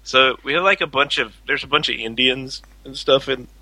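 Lively male guest storyteller, bright and punchy, fond of mimicking people. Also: mid-range voice, moderate pace, no echo, rough recording. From Louisiana. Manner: animated, laughs often, acts out quotes. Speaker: guest, pharmacy worker. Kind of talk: casual podcast chat, storytelling.

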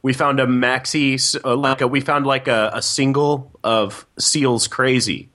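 A man in casual podcast banter who tells loose, rambling stories. He laughs often and talks in a relaxed, everyday voice at a medium pitch. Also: measured pace. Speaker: podcast co-host. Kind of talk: casual chat.

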